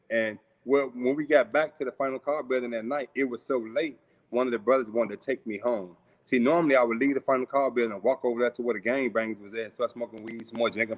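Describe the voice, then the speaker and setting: This guest storyteller, a man from St. Louis, USA, shares a personal story conversationally. His medium-pitched voice acts out the people he quotes, and he leans on frequent fillers.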